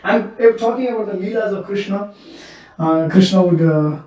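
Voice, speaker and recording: A man telling devotional stories in an earnest, repetitive sermon style. His voice is high but soft and mellow. He sounds distant, with heavy echo from a temple hall. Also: normal speed. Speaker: preacher. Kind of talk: sermon storytelling. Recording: echoey temple hall, mic far off.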